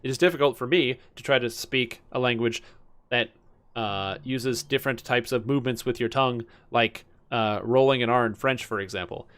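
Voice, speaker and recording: Chatty streamer, rambling. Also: male voice, medium pitch, fairly even intonation, normal speed, a bit bright, smooth. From Canada. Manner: rambling, chatty, many fillers. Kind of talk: casual gaming chat.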